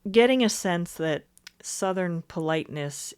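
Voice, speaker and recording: A woman co-hosting a podcast in casual chat, answering with measured, agreeable remarks. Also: lowish voice, lively intonation, smooth. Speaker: podcast co-host.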